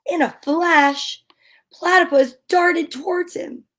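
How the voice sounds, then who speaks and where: A woman reading picture books aloud to children, gentle and encouraging, asking questions and counting along with them. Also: very high voice, steady tone, slow pace. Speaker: children's story reader.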